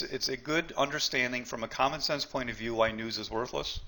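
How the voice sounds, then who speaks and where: A man's voice: mid-range voice, creaky, sharp tone. A man teaching a live trading seminar, blunt and emphatic, often repeating himself and talking straight to the group.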